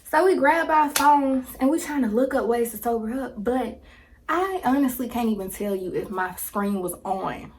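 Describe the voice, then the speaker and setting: Animated slangy young woman telling a story. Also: fairly high pitch, normal speed, a little hiss or hum. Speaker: storytime vlogger. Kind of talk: casual storytelling to camera. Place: indoors, home filming with ring light. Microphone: phone camera.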